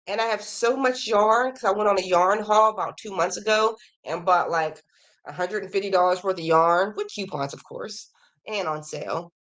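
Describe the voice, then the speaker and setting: On her crochet podcast, a woman with a mid-range, fairly bright voice reads out viewers' emails at a moderate pace. She's chatty and enthusiastic, gushing over their creations, though her voice is a little worn and she's slightly losing it.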